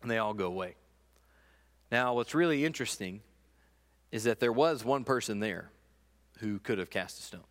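A man preaching a sermon in an earnest manner, dropping to quiet, slow passages and rising to emphatic ones. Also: fairly low pitch, expressive. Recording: long hall reverb.

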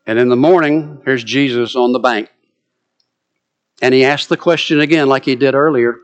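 A man's voice: mid-range voice, moderate pace, clean tone, highs cut off. A man preaching a sermon, retelling a story with drama and vivid asides.

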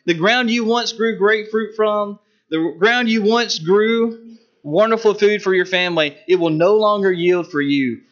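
A man's voice: high voice, unhurried, voice pushed up. A man preaching, voicing a stern but merciful male God in a grave, solemn tone. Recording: dull lo-fi recording.

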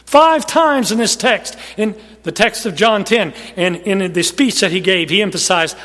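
High-voiced preacher in an echoing hall. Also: male voice, lively intonation, moderate pace, few pauses. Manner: emphatic preaching that swings from loud to hushed. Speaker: pastor. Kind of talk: sermon.

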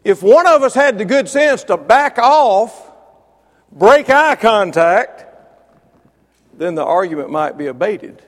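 A man preaching a sermon, building to loud emphatic peaks, then dropping low, with wry asides to listeners by name. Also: very animated, slow. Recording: long reverb of a large hall.

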